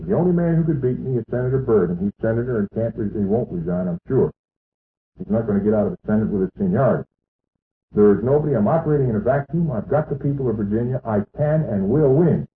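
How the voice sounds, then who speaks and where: A man's voice: medium pitch, expressive, fast. A man giving an emphatic, boastful rally speech to an audience in a meeting hall. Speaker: political speaker. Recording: tinny, echoey archival hall recording.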